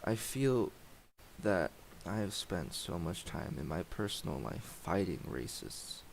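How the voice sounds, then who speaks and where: Male streamer, low gravelly voice, heated profane rant with sighs, faint hiss on the mic. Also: big pitch swings, unhurried, low-quality recording. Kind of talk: emotional livestream rant.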